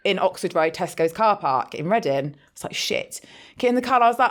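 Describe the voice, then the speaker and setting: A woman's voice: fairly low pitch, fast. A woman co-hosting a podcast, telling stories in a casual chat, swearing freely and acting out quotes. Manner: storytelling, swears freely, lively acted-out quotes. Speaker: podcast co-host.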